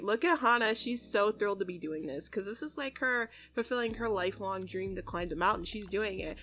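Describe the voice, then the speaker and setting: A young woman giving casual gameplay commentary as a let's play host, bubbly and excitable, often laughing and squealing. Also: mid-range voice, moderate pace, soft background music.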